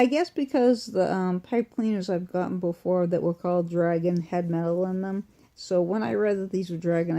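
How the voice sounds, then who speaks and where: A woman's voice: medium pitch, mellow. A woman with a Massachusetts accent, rambling casually through an unboxing video while sick and weak, full of fillers and restarts, recorded at home on a phone or webcam. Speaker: vlogger. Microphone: phone or webcam close in front.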